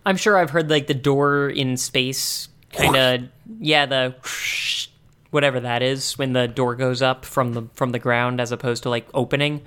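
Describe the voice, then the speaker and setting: A man's voice: medium pitch, steady tone, measured pace, fairly bright tone, clean tone. A man co-hosting a podcast in casual chat, thinking aloud with wry, joking asides. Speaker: podcast co-host.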